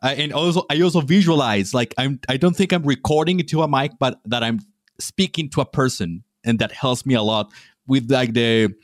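A podcast host with a medium-pitched voice conducts an interview briskly but hesitantly, thinking aloud in a casual way. He leans on fillers and keeps restarting his sentences. The audio is studio quality with no echo.

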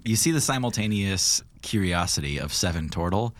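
A man narrating a tabletop game as game master, in relaxed, descriptive narration. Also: deep voice, normal speed, no echo.

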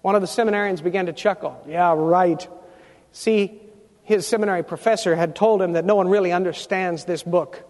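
A man preaching a sermon as pastor, emphatic, rising to loud climaxes, in a church sanctuary. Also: high-pitched, steady tone, fast talker. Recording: long reverb of a large church hall.

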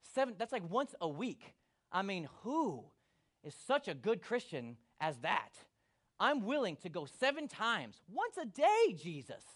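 A man's voice: sits high, big pitch swings, measured pace, fairly bright tone, exaggerated voice. A man voicing an exasperated apostle who haggles and bargains over forgiveness with comic disbelief. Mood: incredulous.

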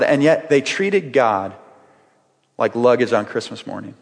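A man's voice: medium pitch, expressive, unhurried, creaky. A middle-aged man preaching a sermon as pastor, earnest and conversational, often restarting his phrases. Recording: long reverb of a large hall.

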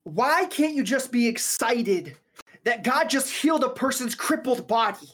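A woman's voice: a little high, lively intonation, a little slow, a bit bright. A woman preaching a casual sermon, talking conversationally with joking, slangy asides.

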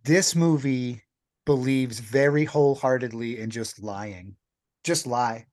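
A man co-hosting a podcast, talking about a movie with excited enthusiasm. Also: medium pitch, takes it slowly. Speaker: podcast co-host. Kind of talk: casual movie chat.

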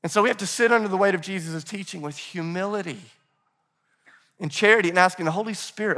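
A man with a fairly high voice preaches a sermon in a loose, conversational way, as if talking with friends. He leans into the quoted voices of the people in the scripture he reads. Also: brisk, sharp tone. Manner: conversational preaching, calls the congregation "guys". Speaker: pastor. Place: church in Nashville.

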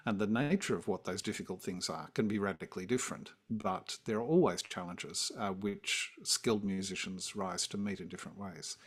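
A man's voice: sits low, a little fast, hardly any pauses, slightly rough. A man who is a music scholar, explaining history with enthusiasm in a conversational interview. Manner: enthusiastic, lecturing.

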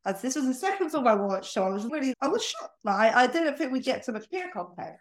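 A woman co-hosting a film podcast who talks in animated, opinionated bursts and laughs often. Her voice sits a little high. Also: a little fast. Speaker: podcast host. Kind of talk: casual film review chat.

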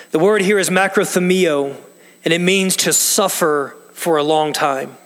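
A pastor preaches earnestly and emphatically, questioning the congregation as he explains a passage. His voice is a little high with a fairly bright tone, and the recording carries the long reverb of a large hall.

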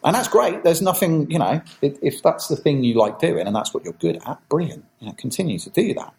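Animated man, jokey chat. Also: fairly high pitch, brisk, vocal fry, low-quality recording. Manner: animated, acts out quoted reactions with jokey voices. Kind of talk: casual conversational interview.

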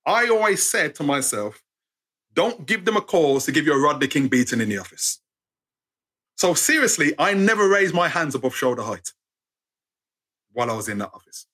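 Animated husky British man storytelling. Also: fairly high pitch, normal speed, pauses often. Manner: expressive, acts out voices, sarcastic wit. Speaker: guest storyteller.

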